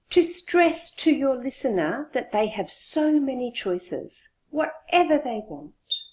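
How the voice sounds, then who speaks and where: A woman teaching an English lesson, explaining slowly and stressing key words. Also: a little high, animated, darkish tone.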